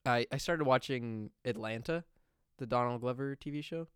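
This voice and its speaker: A man's voice: medium pitch, normal speed, smooth, no echo, clean studio sound. A man chatting casually on a podcast, telling rambling stories and slipping into silly quoted voices. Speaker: podcast host. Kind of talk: casual chat.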